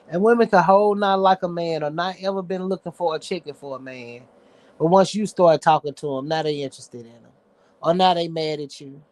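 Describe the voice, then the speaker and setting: A man's voice: on the high side, moderate pace, darkish tone. A man hosting his own show, ranting casually in a blunt, sassy, heavily profane way. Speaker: show host. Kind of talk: casual livestream rant.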